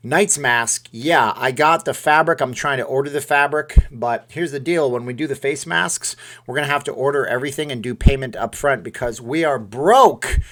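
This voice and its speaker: A man's voice: medium pitch, normal speed, fairly bright tone. A man hosting a casual live stream from home, rambling and joking with viewers while talking into a desk microphone in front of a webcam. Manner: chatty, jokey, rambling asides to viewers.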